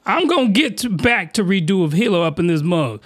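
A man hosting a solo podcast, ranting in slangy, excitable bursts and shouting when he gets worked up, close to his desk microphone. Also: sits high, a little fast. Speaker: podcast host reviewing anime. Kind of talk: animated solo podcast rant.

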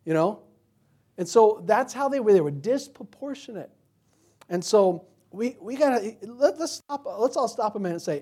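A man's voice: sits high, lively intonation, normal speed, darkish tone, slightly rough. A man preaching a sermon in a conversational, joking way, asking the congregation questions. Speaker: pastor.

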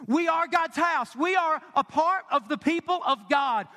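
A man in his thirties preaching a sermon as pastor, emphatic and questioning, often dropping to a hush for emphasis. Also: very high-pitched, unhurried, few pauses. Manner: emphatic, asks the congregation questions, drops to quiet for emphasis. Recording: long reverb of a large hall.

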